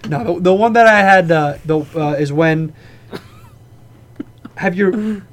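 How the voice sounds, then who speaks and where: Man, slightly raised pitch, casual podcast chat, rambling, restarts often, swears a lot. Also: takes it slowly. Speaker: podcast co-host.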